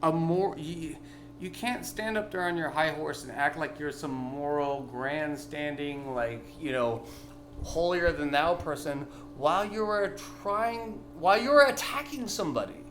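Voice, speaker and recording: A tipsy man delivering a rambling, profane vlog rant that bursts into yelling. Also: on the high side, expressive, a little slow, slight background noise. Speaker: vlogger. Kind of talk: ranting vlog monologue.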